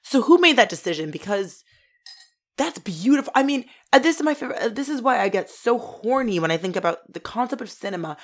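Excitable young woman ranting on a podcast. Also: fairly high pitch, brisk. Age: 20s. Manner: excitable, ranting, swears a lot. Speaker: podcast co-host. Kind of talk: casual chat.

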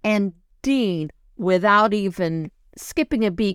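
Animated storytelling woman, dry room. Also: medium pitch, measured pace, no room sound. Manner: animated storytelling, gets emotional. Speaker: co-host. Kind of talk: casual chat.

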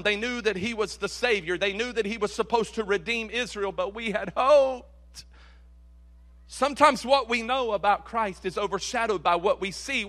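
A male pastor preaching a sermon. He repeats key phrases dramatically and swings from loud to hushed. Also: extremely high pitch.

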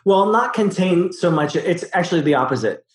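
A man therapist in casual conversation, explaining ideas at length through relaxed storytelling. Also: high voice, moderate pace. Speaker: therapist, host. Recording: roomy echo.

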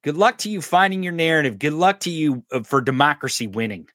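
A man hosting a podcast, giving a loud, profane, mocking political rant. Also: fairly high pitch, lively intonation, brisk, no echo, studio quality. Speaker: podcast host.

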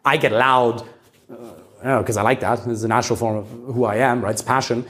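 A man giving an emphatic live talk to a small audience as a dating coach, swinging between loud passion and calm asides. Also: mid-range voice, brisk.

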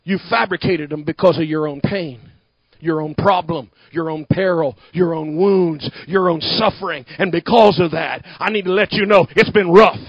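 A man preaching a sermon to a congregation, talking back and forth with them and building to shouted emphasis. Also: fairly high pitch, moderate pace, husky, no room sound, dull audio. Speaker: pastor.

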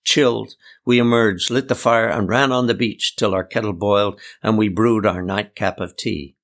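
Low-voiced male storyteller. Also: steady tone, moderate pace, fairly bright tone. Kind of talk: scripted first-person narration.

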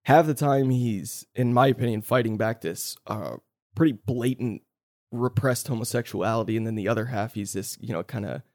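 Animated man chatting about movies. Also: medium pitch. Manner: animated, swearing, quick asides. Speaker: podcast host. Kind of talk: casual movie review chat.

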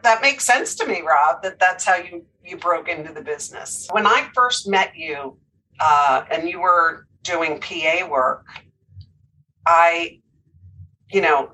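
A middle-aged woman hosting an interview podcast, telling animated stories in a chatty, casual way. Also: lowish voice, rough recording. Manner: chatty storyteller, animated anecdotes. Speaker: podcast host.

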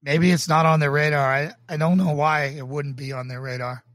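Earnest, halting pastor from Boston, slightly high. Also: male voice, steady tone, fairly bright tone, dry recording, studio quality. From Boston, United States. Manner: earnest and emotional, halting with restarts. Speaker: pastor and show host. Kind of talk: livestreamed casual talk leading into a sermon.

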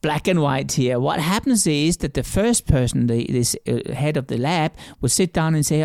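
A man guesting as an author gives conversational answers full of stories, examples and performed quotes, repeating words and restarting as he talks. The voice is fairly high, expressive, gravelly and darkish, at normal speed with hardly any pauses. Dry, clean studio sound.

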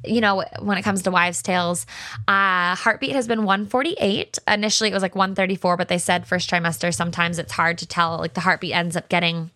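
Bright-voiced young woman chatting openly. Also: lowish voice, steady tone, a little fast, dry recording, studio quality. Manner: open and reflective, many fillers and restarts. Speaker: pregnant vlogger. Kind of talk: casual solo talk to viewers. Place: home office.

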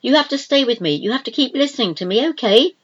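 A woman's voice: a little high, expressive, quick pace, slightly rough, dull audio, voice pushed up. A woman voicing Frank, a flustered forty-year-old man who talks in an earnest, urgent, coaxing way, read in an audiobook. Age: 40s.

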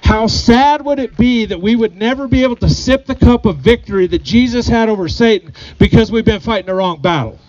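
A man's voice: high-pitched, fairly quick, few pauses, a little mellow, no echo, highs cut off. A man preaching a sermon to his congregation, earnest, often repeating phrases and putting questions to the people. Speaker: pastor.

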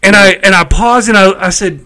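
A middle-aged man tells a story in a casual chat. His voice sits high and rings bright. He sounds exasperated and swears freely. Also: brisk, rough recording. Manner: chatty, exasperated, salty language.

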